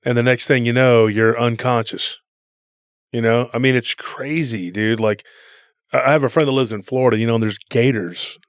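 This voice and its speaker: A man's voice: lowish voice, no room sound, clean studio sound. A man co-hosting a podcast, telling rambling stories in a casual conversational way and often calling people "dude.". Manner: rambling storyteller, says "dude". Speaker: podcast co-host.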